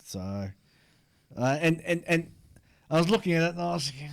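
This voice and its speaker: A man's voice: fairly high pitch, huge pitch swings, a little fast, creaky. An Australian man co-hosting a hobby podcast, chatting casually and reading out listener mail, rambling and laughing at himself. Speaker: podcast co-host.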